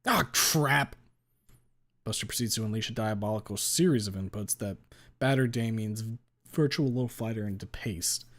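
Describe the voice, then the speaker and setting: Lower-voiced man reading deadpan. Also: fairly quick. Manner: deadpan, blunt, swears casually. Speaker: story reader. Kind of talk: first-person story reading.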